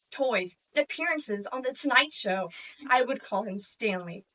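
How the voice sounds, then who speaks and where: A student competitor performs a humorous interpretation piece, telling a comic story in a wry, deadpan way. Her voice is on the high side and sounds distant from the mic.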